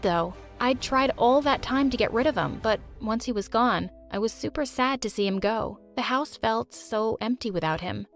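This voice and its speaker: Expressive woman narrating a story. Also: mid-range voice. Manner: expressive, dramatic. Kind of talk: first-person story narration.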